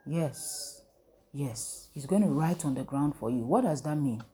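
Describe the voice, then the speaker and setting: Woman preacher, low voice, mellow tone, call-and-response Bible lesson. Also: lively intonation, a little slow, slight background noise. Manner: call-and-response, asks the listeners questions. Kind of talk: interactive Bible teaching.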